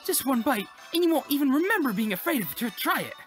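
A cheerful young cookie girl runs her sandwich shop, as a woman reads her lines aloud from a game. Her voice sits a bit high and bounces around a lot. Soft music plays behind her. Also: big pitch swings, fast. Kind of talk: reading game dialogue aloud.

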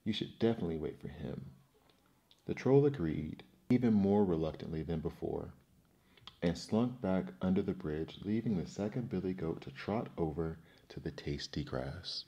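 A man reads folktales in a slow, deep, soothing ASMR bedtime voice. His tone is dark and mellow, and the recording sounds muffled and dull. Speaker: bedtime storyteller. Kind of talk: ASMR bedtime story reading.

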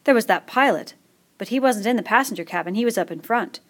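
A woman's voice: medium pitch, animated, quick pace, pitched above the performer's own voice, natural voice. A woman voicing an anxious, plump boy with asthma, asking eager, worried questions.

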